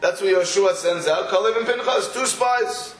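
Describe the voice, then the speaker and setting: Guy in his 40s teaching a torah class, highish voice, lots of rhetorical questions, echoey room. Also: normal speed. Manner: rhetorical questions, storytelling asides.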